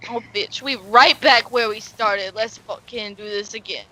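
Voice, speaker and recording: A woman's voice: mid-range voice, measured pace, pushed and bright. A woman chatting casually while playing a shooter game with friends, swearing and giggling often. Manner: profane, giggly, swears a lot. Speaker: gamer.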